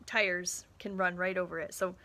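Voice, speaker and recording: A woman's voice: lowish voice, level tone, normal speed, bright, forceful tone. A woman in her thirties telling a story in a casual live talk to viewers, acting out bits of dialogue as she goes. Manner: chatty storytelling, acts out quoted dialogue. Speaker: small business owner and mother.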